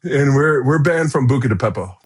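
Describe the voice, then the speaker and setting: A middle-aged man, a podcast guest, telling a story in a lively casual way, acting out the shouts and filling in with "you know" and "right?". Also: medium pitch, brisk, husky.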